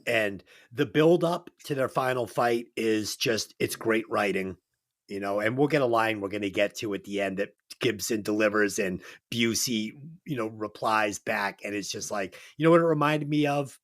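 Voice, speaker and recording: A man's voice: on the low side, normal speed, a bit bright. A man co-hosting a movie podcast, talking casually and enthusiastically and swearing freely. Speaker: podcast co-host. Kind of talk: casual movie review chat.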